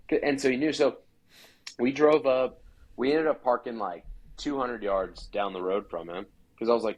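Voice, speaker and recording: A man's voice: fairly low pitch, moderate pace, slightly rough, low-quality recording. A man from Idaho, a podcast guest, telling a hunting story in a chatty way full of "like" fillers. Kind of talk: casual storytelling.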